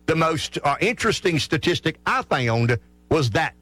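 A man, hosting a talk radio show and making his point with animated restarts and repeated words. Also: on the high side, normal speed, no room sound. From South Carolina. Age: 60s.

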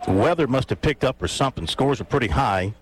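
A man hosting sports talk radio, running through scores briskly and bantering in a relaxed way. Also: medium pitch, slightly rough, soft background music.

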